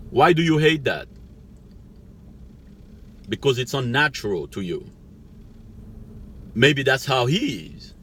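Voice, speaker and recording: A man's voice: medium pitch, expressive, takes it slowly, long pauses, fairly bright tone, a little hiss or hum. A middle-aged man giving a rambling motivational monologue as a life coach, preachy, laughing to himself now and then. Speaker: life coach, channel host.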